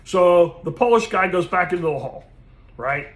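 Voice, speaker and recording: High-voiced man telling a joke. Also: moderate pace. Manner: animated storyteller acting out characters. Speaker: comedian teaching joke telling.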